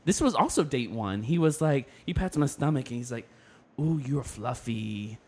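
A man on a casual podcast, telling stories in an animated way and laughing often. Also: fairly high pitch, a little fast. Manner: animated storyteller, laughs often, imitates a date's speech. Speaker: co-host. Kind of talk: casual podcast chat, storytelling.

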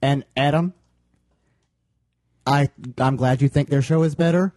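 A man's voice: a little high, steady tone, measured pace, a little mellow, dry recording. Sarcastic man podcaster, dry sound. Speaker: podcast co-host. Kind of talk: casual chat.

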